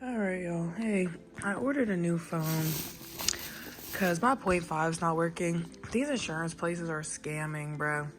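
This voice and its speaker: A young woman venting to her viewers in a frustrated, animated way, speaking. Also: fairly low pitch, unhurried, music in the background. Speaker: vlogger. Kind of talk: casual venting monologue. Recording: echoey room, some distance from the mic.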